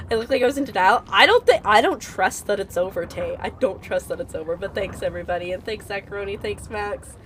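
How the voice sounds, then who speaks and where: A woman's voice: mid-range voice, brisk, a bit bright, slight background noise. A woman chatting casually and giggling while streaming a video game. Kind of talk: casual live-stream gameplay chat.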